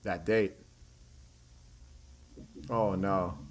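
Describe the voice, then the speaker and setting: A man's voice: sits low, steady tone, drawn-out words. A man chatting casually while reacting to a show with friends, laughing often and swearing freely. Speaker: co-host watching a show.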